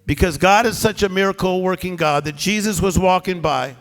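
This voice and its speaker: Middle-aged male pastor, high voice, fiery call-and-response preaching, reverberant hall with band underneath. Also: a little fast, fairly bright tone. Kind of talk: sermon. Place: church with live band and congregation. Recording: long church reverb, music behind. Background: band music.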